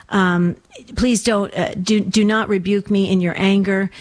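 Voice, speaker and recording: A woman's voice: mid-range voice, fairly even intonation. A woman hosting a call-in radio show, speaking in an encouraging and earnest way. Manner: encouraging, warm, slow and earnest. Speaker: radio host.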